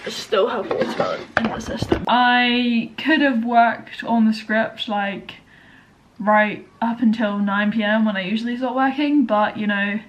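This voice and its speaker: A woman's voice: a little high, lo-fi sound. A young woman, chatting casually to camera in a vlog, full of likes and you knows. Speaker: vlogger.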